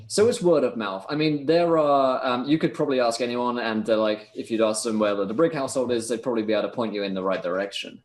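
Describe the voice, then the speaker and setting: Rambling English game master. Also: male voice, medium pitch, fast, few pauses, slight background noise. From England. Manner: rambling, filler-heavy, laughs easily. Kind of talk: narrating a tabletop game.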